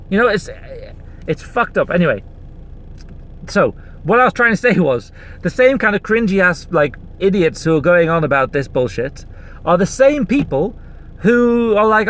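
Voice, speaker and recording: A man's voice: high-pitched, lively intonation, normal speed. A man hosting a podcast, delivering a heated, rambling and profane rant from a car while driving. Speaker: podcast host. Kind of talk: ranting monologue.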